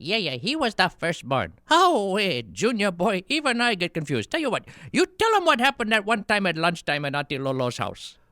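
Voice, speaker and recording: A gossipy island auntie from a comedy radio sketch, talking in Hawaii Pidgin. Her bright voice bounces up and down through the rambling story. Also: mid-range voice, very animated, moderate pace, few pauses. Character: older island mother, chatty gossiping auntie.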